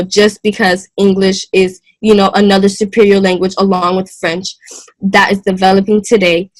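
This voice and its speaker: A young woman giving a class presentation in a hesitant, halting way, often restarting and clearing her throat. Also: medium pitch, no room sound, poor audio. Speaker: student presenter.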